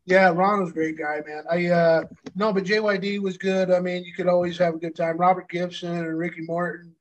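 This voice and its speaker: Rambling reminiscing man, slightly high. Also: little pitch movement, fairly quick, muffled recording. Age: 50s. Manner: rambling, full of restarts and fillers, fond reminiscing. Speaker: podcast co-host, former pro wrestler. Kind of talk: casual chat.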